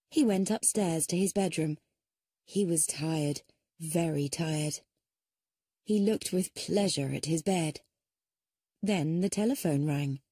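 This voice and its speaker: A woman narrating a mystery audiobook in a steady storytelling manner. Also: fairly low pitch, breathy edge, dry recording, studio quality. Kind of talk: scripted narration.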